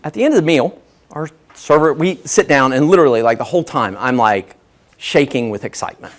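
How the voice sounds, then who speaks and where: Lively man telling stories. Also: medium pitch, a little fast. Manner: lively self-deprecating storyteller. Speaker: guest speaker. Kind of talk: humorous business talk to an audience.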